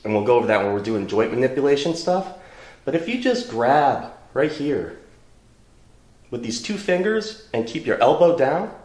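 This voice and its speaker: A man's voice: medium pitch, a little mellow, reverberant. A man teaching self-defense against knives in a casual demonstration lesson, blunt and chatty, often checking in with "okay?".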